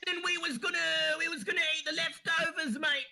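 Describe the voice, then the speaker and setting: Scheming little Cockney rat, high, shrill and bright, yelling over himself. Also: male voice, fairly even intonation, a little fast, creaky, heavily acted. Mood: excitable. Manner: high, shouting, stumbling and near-crying. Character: shouty cockney male rat, excitable and scheming.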